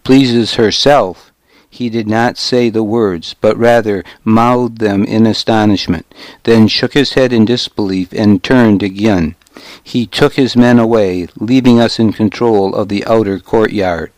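A man reads a first-person novel aloud in a measured, grave manner. His voice sits on the low side, and the recording is close and dry, with no room sound. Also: fairly even intonation, darkish tone, no room sound. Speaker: audiobook narrator.

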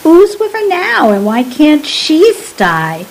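A woman's voice: sits high, wildly swooping pitch, slow, vocal fry, slight background noise, voice pushed up, heavily acted, rough recording. A woman voicing a chatty young housemaid who drops her h's and gushes. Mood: curious. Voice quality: dropped h's, broad working-class speech. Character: cockney maid Lucy, gossipy and excitable.

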